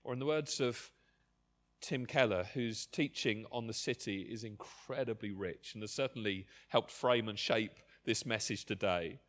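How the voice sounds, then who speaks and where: A man preaching a sermon with passion, swinging from near-shouted emphasis down to quiet, slow reflection. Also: fairly low pitch. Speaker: pastor.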